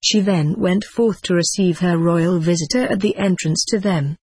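An audiobook narrator reading a first-person historical tale in a measured, even way. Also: medium pitch, slightly rough, no echo. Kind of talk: scripted narration.

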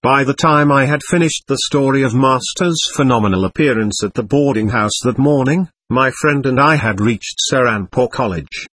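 A man reading a first-person memoir aloud as scripted narration, measured and formal. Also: medium pitch, fairly bright tone, slightly rough. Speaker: audiobook narrator.

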